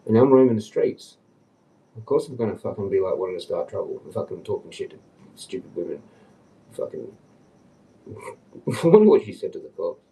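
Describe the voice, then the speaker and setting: A man rambles on a casual livestream, restless and swearing, sometimes muttering low and sometimes rising sharply. His voice is dark and mellow, a bit low, and it sounds distant from the microphone. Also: sing-song, normal speed, pauses often. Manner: rambling, agitated, swearing often, mutters low then jumps high. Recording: distant from the mic.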